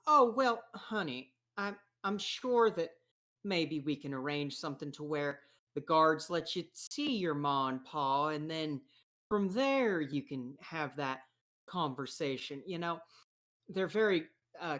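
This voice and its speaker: A woman's voice: low voice, lively intonation, unhurried, a bit bright. A woman voicing a prim middle-aged mother figure in a tabletop game, speaking sweetly and hesitantly with many fillers. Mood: evasive. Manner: sweet, hesitant, fussy about bad language.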